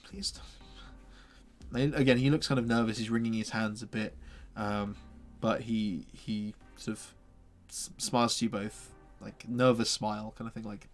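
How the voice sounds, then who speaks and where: A man's voice: lowish voice, steady tone, normal speed, few pauses, faint music behind. A man narrating a tabletop game as game master, rambling with many fillers.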